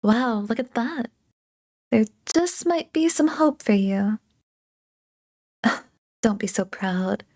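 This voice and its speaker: A woman voicing a bossy, sharp-tongued young tsundere girl in an ASMR role-play, talking with a sarcastic, mocking edge. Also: on the high side, animated, slow pace, long pauses. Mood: sarcastic tutoring.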